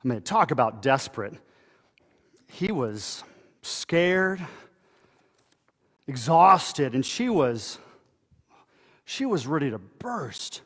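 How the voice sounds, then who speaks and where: A pastor delivering a dramatic first-person monologue during a church service, telling it in a conversational way with halting pauses and restarts. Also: male voice, mid-range voice, big pitch swings, fairly bright tone. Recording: echoey hall with long reverb.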